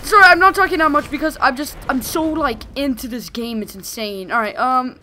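A young woman giving excited gameplay commentary, gushing and shouting during fights. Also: fairly high pitch, fast, few pauses, faint music behind. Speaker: gaming video host.

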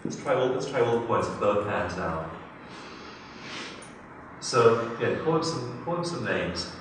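A man's voice: mid-range voice, expressive, unhurried. A man guiding a tapping session, giving directions and prompting phrases for someone to repeat. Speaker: EFT practitioner. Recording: echoey room, distant mic, noise.

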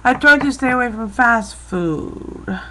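A woman's voice: on the high side, animated, a little slow, pushed and bright, a little hiss or hum, rough recording. An American woman chatting to her webcam in a rambling, self-deprecating way, speaking straight to the viewer. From United States. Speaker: vlogger. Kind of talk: casual chatty monologue to a webcam. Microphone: built-in webcam mic.

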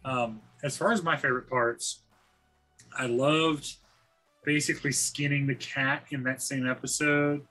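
A man's voice: mid-range voice, steady tone, measured pace, sharp tone, soft background music, poor audio. A man hosting a casual podcast chat, enthusiastic and handing turns to his guests. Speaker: podcast host.

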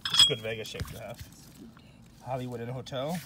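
A man's voice: mid-range voice, steady tone, fairly quick. A man casually reading labels aloud in short bursts with mumbled asides, filmed on a handheld phone indoors. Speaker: vlogger showing a collection. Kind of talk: casual off-the-cuff commentary. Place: indoors at a shop. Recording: loud clinking and handling noise.

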